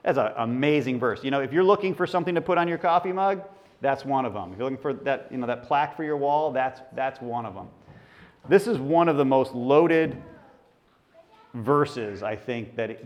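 A man preaching in a church sanctuary, walking his listeners through scripture. He talks to the congregation in a conversational way and asks them questions as he goes. His pitch sits in the middle for a man. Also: expressive, fairly quick. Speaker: pastor. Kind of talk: sermon.

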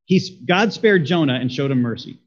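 A man's voice: mid-range voice, expressive, moderate pace, lo-fi sound. A man preaching a sermon as a pastor, talking conversationally and putting questions to his congregation.

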